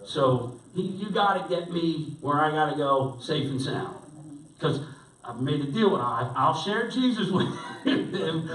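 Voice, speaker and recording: A man's voice: fairly high pitch, lively intonation, measured pace, fairly bright tone. A man preaching as a pastor, telling a story in a conversational way with lots of restarts and fillers. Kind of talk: storytelling sermon. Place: church hall. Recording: echoey hall, voice from far off.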